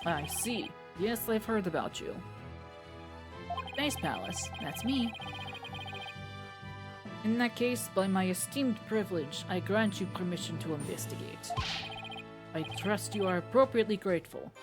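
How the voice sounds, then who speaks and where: A woman voicing a pompous, grandiose older male space center director who speaks in booming, self-important proclamations over game music. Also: expressive, measured pace, long pauses, close to an everyday voice. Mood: haughty.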